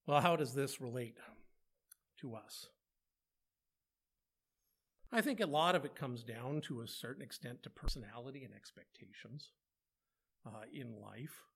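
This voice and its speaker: A man's voice: medium pitch, expressive, measured pace, vocal fry, pauses often, fairly bright tone, husky. A man preaching a conversational sermon, asking rhetorical questions and slipping in playful asides.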